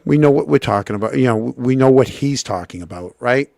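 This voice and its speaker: Halting male livestream host. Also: medium pitch, expressive, vocal fry, a little mellow, dry recording, clean studio sound. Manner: halting, many restarts. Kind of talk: casual livestream commentary.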